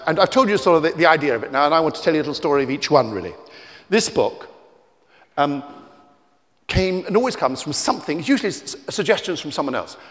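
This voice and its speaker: Man, children's author, theatrical teasing storyteller, fairly high voice, hall reverb. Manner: theatrical, teasing, swings between shouts and hushed asides. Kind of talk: live storytelling talk to children. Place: book festival venue, indoors. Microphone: tie-clip mic.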